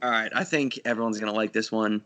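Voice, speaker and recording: A man's voice: on the low side, fairly even intonation, quick pace, bright, forceful tone. A man on a casual podcast, telling movie stories enthusiastically, laughing often and swearing casually. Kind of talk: casual chat.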